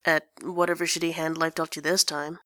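A woman's voice: deep voice, little pitch movement, a little fast, sharp tone, no echo, studio quality. A woman voicing an anxious, earnest young man. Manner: hesitant, earnest.

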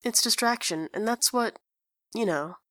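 A woman's voice: fairly high pitch, measured pace, a bit bright, no room sound, pitched above the performer's own voice. A woman voicing a guarded, tired young woman who talks tersely and dryly. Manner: terse, dry.

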